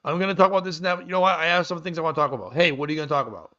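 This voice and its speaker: Man ranting, bright tense voice. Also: on the high side, racing. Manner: rambling profane rant. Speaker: podcast host. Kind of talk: casual comedic chat. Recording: dull lo-fi sound.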